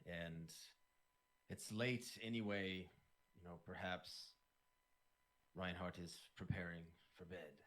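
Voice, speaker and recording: A man voicing a cautious, courteous male gatekeeper in a tabletop game, close to his own low voice. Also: steady tone, slow pace, pauses often, a bit bright. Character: wary adult male gatekeeper, polite and cautious.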